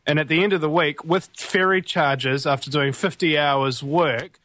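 Young Kiwi guy, higher voice, dry close sound, sarcastic and blunt. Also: normal speed, few pauses, pushed and bright, no room sound. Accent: New Zealand. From New Zealand. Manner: blunt, sarcastic, swears casually. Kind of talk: casual chat.

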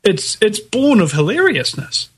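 A man's voice: high voice, huge pitch swings, unhurried, breathy edge. A man with a New Zealand accent, a guest talking wryly and playfully in a casual discussion. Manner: wry, playful, interrupts with banter.

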